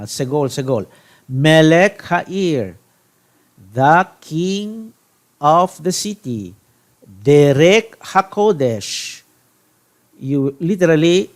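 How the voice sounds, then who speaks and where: A man from the Philippines teaching a Hebrew grammar lesson, deliberate, checking in with "okay?" and restarting phrases. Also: a little high. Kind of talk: classroom grammar lecture.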